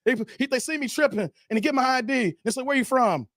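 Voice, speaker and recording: A man with a notably high speaking voice hosts a casual livestream and tells his story in an animated way, acting out the voices of people in it. He talks straight to his chat. The sound is close and dry, with no room echo. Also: quick pace. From Chicago, USA. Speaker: livestream host.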